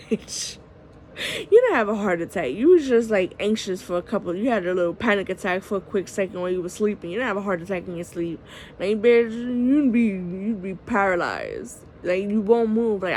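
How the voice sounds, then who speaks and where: A woman, telling a story in a casual vlog, animated and swearing freely. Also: medium pitch, slight background noise. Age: 30s. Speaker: vlogger.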